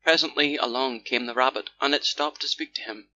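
A man narrating a children's fairy tale in a steady, measured storytelling manner, in a dull lo-fi recording with faint hiss. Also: mid-range voice. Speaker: audiobook narrator.

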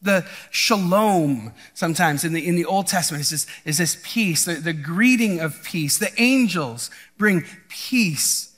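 Lively high-voiced preaching man. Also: measured pace, few pauses. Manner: conversational, restarts often, asks the congregation 'right?'. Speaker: pastor. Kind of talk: casual sermon. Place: church.

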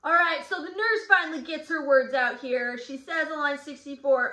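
A woman's voice: high voice, animated, normal speed, hardly any pauses, bright, forceful tone. A woman teacher leading a casual guided reading lesson, chatty with sardonic asides. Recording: roomy echo.

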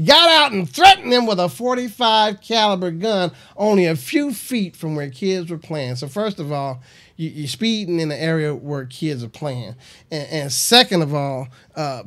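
A man's voice: high-pitched, normal speed. A comedian hosting his own show, riffing on a news story in a loose, rambling way. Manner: animated, rambling with fillers. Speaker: comedian host.

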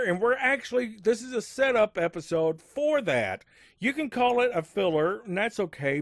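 A man hosting a game let's-play in casual, rambling commentary with many asides, speaking above his natural low register. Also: no room sound, clean studio sound. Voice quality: rambling, lots of fillers and asides.

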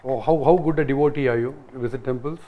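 A man's voice: mid-range voice, fast, phone-quality sound, slight background noise. A man hosting a casual interview, teasing and joking with his guest. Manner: teasing, jokey. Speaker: interviewer, TV host.

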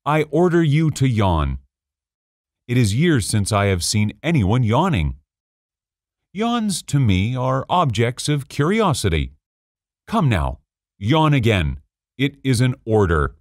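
A man's voice: medium pitch, big pitch swings, takes it slowly, long pauses, no room sound, studio quality. A man voicing a proud old king in a storybook reading, pompous and commanding.

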